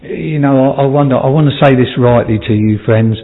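A man preaching a sermon, asking his listeners many rhetorical questions and swinging from quiet asides up to impassioned peaks. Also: medium pitch, brisk. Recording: tinny phone-like sound with a long hall reverb.

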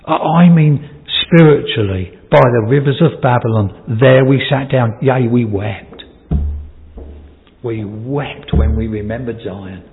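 A man preaching a sermon, asking his listeners many rhetorical questions and swinging from quiet asides up to impassioned peaks. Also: medium pitch, a little slow, soft background music. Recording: tinny phone-like sound with a long hall reverb.

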